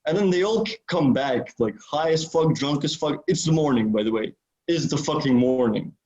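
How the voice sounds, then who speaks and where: A man's voice: on the high side, lively intonation, normal speed, a little mellow, lo-fi sound. A man co-hosting a podcast in casual, profane chat, full of filler words. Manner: rambling, profane, many "like"s. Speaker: podcast co-host.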